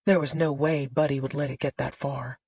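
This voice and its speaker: A woman narrating a thriller audiobook in a tense, steady storytelling manner. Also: a bass voice, moderate pace, breathy edge, no room sound, poor audio.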